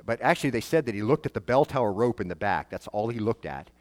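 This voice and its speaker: Low-voiced man preaching a conversational sermon. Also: animated, quick pace. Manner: preaches in a conversational way, with many restarts and rhetorical questions. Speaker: pastor.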